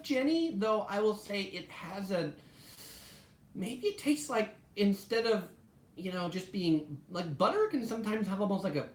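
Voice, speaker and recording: In an echoey room, a woman with a medium-pitched voice hosts a relaxed food live stream. She's a travel channel host, talkative and full of "like" fillers.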